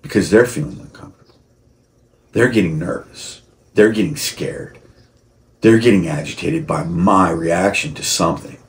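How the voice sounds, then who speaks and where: In a low voice at a moderate pace, broken by long pauses, a vlogger delivers a rambling personal monologue to camera. He repeats words and restarts often, working himself into angry, shouting bursts.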